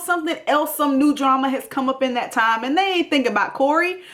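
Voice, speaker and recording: This TV recap host has a high-pitched, slightly bright voice. She offers casual commentary, speaking bluntly and emphatically right to the viewers.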